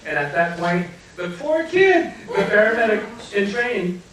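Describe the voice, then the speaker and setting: Man, light high voice, slow animated storyteller on a far mic in a reverberant hall, audience clearly heard. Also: crowd noise. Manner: animated, laughing often, acts out what people said. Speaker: speaker telling a personal story to an audience. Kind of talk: humorous live storytelling. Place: large echoey hall with a live audience.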